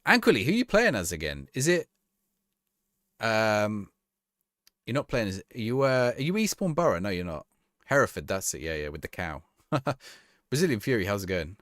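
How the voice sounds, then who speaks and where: A man's voice: on the low side, sing-song, moderate pace, pauses often, fairly bright tone, no echo, studio quality. Chatty man streaming a game. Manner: chatty, rambling, laughs easily. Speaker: live streamer. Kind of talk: casual gameplay commentary, reading chat.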